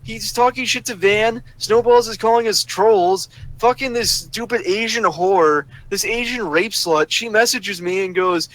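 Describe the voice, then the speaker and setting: Man with a high-pitched voice, venting a foul-mouthed, exasperated rant into a voice chat mic. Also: unhurried, hardly any pauses, a bit bright, poor audio. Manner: profane, exasperated ranting. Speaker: voice chat participant. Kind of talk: ranting story on a voice call. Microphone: voice chat microphone.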